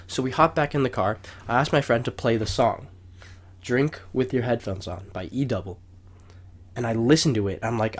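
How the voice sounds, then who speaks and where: Fairly quick and medium-pitched, a young podcast co-host spins a long, rambling story in a casual chat. He swears a lot, and his retelling stays lively, with his voice going up when he acts out quotes.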